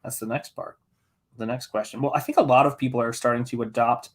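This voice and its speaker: A man's voice: mid-range voice, fairly even intonation, quick pace. American man chatting as he paints. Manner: rambling, thinking aloud, restarts mid-thought. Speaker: artist live-streaming while painting. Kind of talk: casual chat while working.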